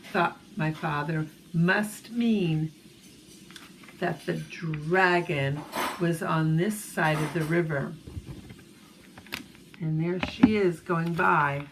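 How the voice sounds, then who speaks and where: A woman reading a children's chapter book aloud, gentle and storytelling, with asides to young listeners. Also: on the low side, a little hiss or hum, low-quality recording.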